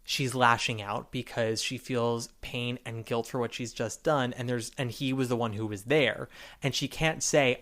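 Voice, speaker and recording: Animated man hosting a casual chat. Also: medium pitch. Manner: animated, quick retellings with acted-out quotes. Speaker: podcast host.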